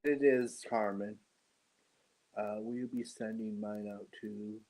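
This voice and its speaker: A tired, congested man hosting a casual live stream, greeting viewers and talking slowly with many pauses and fillers. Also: fairly low pitch, fairly even intonation, dark tone, rough recording. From United States. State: tired and congested after surgery. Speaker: host of a live yarn stream.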